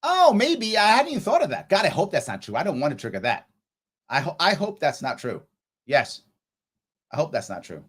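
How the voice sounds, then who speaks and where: A bit high and husky, his voice swoops wildly in pitch and moves a little fast with some brightness. The New York man hosts a political livestream, voicing chat comments, answering them bluntly, and at times angrily chiding a commenter.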